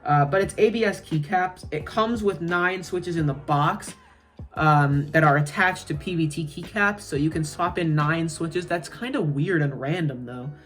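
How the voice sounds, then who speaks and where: A woman's voice: low-pitched, normal speed, faint music behind. A woman giving a casual, rambling product review, full of fillers and asides. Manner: chatty, rambling, frequent fillers. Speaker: tech reviewer.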